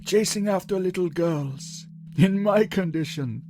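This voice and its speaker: A man voicing an ancient, frail male vampire count who speaks slowly and gloats. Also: sits high, darkish tone, slight background noise, voice pushed up. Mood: gloating. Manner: slow, drawn-out, crowing.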